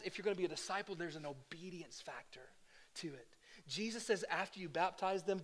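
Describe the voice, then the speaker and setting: A man preaching a sermon, swinging from hushed lows to loud exhortation and putting rhetorical questions to the congregation. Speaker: pastor.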